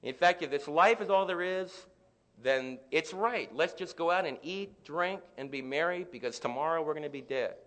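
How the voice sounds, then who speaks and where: A man preaching a sermon as pastor, climbing to loud peaks and then dropping soft. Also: on the high side, normal speed. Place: church sanctuary. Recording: reverberant church hall.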